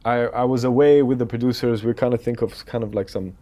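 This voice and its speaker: A man's voice: mid-range voice, quick pace. A man from the United Arab Emirates, a film director in his thirties, telling anecdotes in a casual interview and acting out what others said. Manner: animated, quotes others while telling anecdotes.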